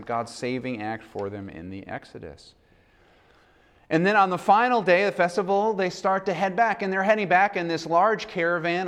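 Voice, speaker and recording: A man preaching a sermon in a conversational, earnest way. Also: on the high side. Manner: conversational, earnest, acts out quoted dialogue. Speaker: pastor.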